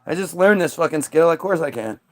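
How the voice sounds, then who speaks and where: A man voicing a bratty, newly clever first woman with a high, sassy, exasperated delivery. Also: animated, a little fast, natural voice.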